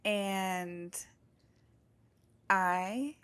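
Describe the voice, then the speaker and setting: A young woman co-hosting a podcast, chatting casually and telling animated stories, with casual swearing. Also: medium pitch, extremely slow, smooth. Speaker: podcast co-host. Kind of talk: casual chat.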